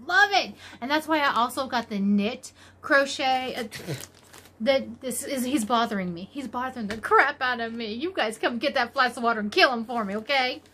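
A woman chatting casually as she unboxes yarn, gushing and exclaiming, her voice jumping high when she gets excited. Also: moderate pace, a little hiss or hum. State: tired after work. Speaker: crochet vlogger.

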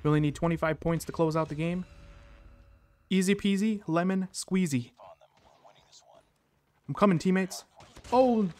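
A man with a high voice talks through his own match as a gaming channel host. He reacts with quick bursts of excitement and drops playful catchphrases between plays, recorded on a desk mic. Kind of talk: casual gameplay commentary.

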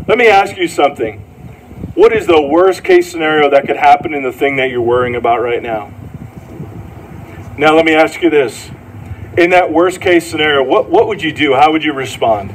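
Earnest man preaching, fairly high voice. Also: moderate pace, a little hiss or hum, poor audio. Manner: earnest, repeats phrases, asks the congregation questions. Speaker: pastor. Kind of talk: sermon.

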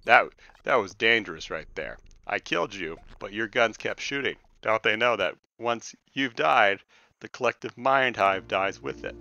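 Gravelly low-voiced man narrating a game. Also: normal speed. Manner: talks to the game's creatures, swings between loud outbursts and mumbling. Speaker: gameplay commentator. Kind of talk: casual let's-play commentary. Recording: game music behind the voice.

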